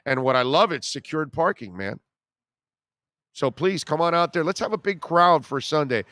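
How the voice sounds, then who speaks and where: Middle-aged male sports talk host, casual and chatty, smooth voice, dry studio sound. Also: on the high side, animated, normal speed, a bit bright, no room sound. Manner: chatty, self-deprecating, emotional. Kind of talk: casual live show chat reading comments.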